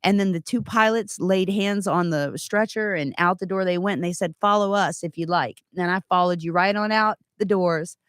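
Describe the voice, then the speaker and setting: A woman in her thirties giving an earnest, animated personal testimony, full of asides. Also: on the low side, moderate pace, few pauses, clear, resonant tone, no room sound, clean studio sound.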